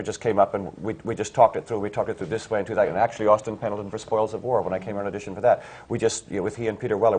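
A man's voice: lowish voice, dark tone. A man on a panel, telling a casual story about auditions in a rambling way, full of restarts and fillers. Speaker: stage actor on a panel.

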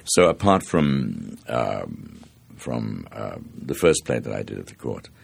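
An older man from Dublin with a soft mid-Atlantic Dublin accent, an actor telling stories in an interview in a reflective, meandering way. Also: rumbling low, very animated, slow, vocal fry, breathy edge. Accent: Dublin, South Circular Road. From Ireland. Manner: reflective, anecdotal, with many restarts and fillers. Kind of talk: interview, storytelling.

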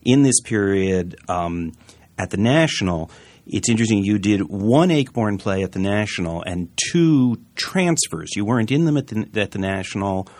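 Male interviewer, lowish voice, measured and careful. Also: animated, darkish tone.

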